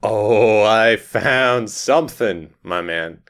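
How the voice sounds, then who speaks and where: A man playing a tabletop role-playing game, talking animatedly and laughing, with swings from mumbles to excited bursts. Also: fairly low pitch, slow, smooth. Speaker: player. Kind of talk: tabletop role-play chat.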